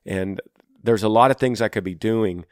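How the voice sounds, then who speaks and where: A man's voice: fairly low pitch, normal speed, darkish tone, clear, resonant tone, no room sound, studio quality. A man hosting a podcast, giving earnest, encouraging advice to a listener and repeating his key phrases. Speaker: podcast host. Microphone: studio microphone.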